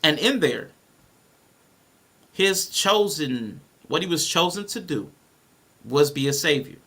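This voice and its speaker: A man co-hosting a casual panel podcast, reading Bible verses aloud and walking through his points in an animated way. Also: on the high side, slow, breathy edge. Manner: animated, reads scripture aloud and explains it. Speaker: podcast co-host.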